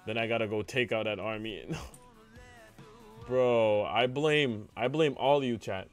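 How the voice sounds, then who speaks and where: A young man commenting on a game as he plays it live, speaking at a middling pitch and addressing his chat the whole way through. He swings easily into loud, excited outbursts when a move fails. Faint music plays quietly beneath his voice. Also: slow pace. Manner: excitable, talks to chat, cries out when things go wrong. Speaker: game streamer.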